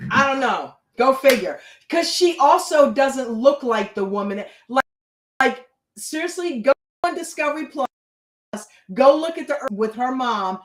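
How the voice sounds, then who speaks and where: A woman with a high voice hosts a casual reality TV recap reaction show, chatty, blunt, and swearing freely. The recording is rough and sounds echoey.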